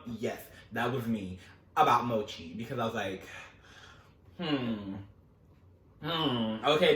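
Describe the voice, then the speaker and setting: A man telling a wild true story in a casual vlog, animated and profane. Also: medium pitch, echoey room, far from the mic. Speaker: storytelling host.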